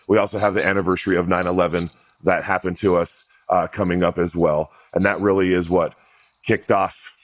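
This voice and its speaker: A man hosting a podcast, asking direct questions in a casual, chatty way. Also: low-pitched. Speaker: podcast host. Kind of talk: conversational interview.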